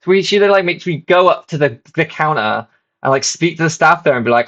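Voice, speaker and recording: A man's voice: a little high, expressive, a little fast, fairly bright tone, highs cut off. Self-mocking man telling a story. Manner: self-mocking, rambling, swears a lot. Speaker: channel host. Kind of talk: casual storytelling.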